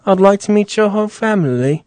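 A man's voice: high-pitched, lively intonation, brisk, a little mellow, clear, resonant tone, dry recording, pitched above the performer's own voice. A man voicing an Italian-American man who fakes a polite, formal British accent. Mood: overly polite. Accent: put-on British.

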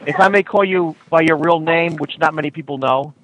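A man's voice: a little high, a little fast, very noisy. A man co-hosting a call-in radio show, questioning callers in a mock-serious, teasing way. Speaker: radio co-host. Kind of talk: casual call-in chat.

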